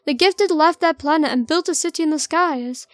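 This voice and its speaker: A woman voicing a calm, mysterious male entity, reading his lines in a slow, measured way. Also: sits high, dry recording, studio quality, close to an everyday voice. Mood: wistful.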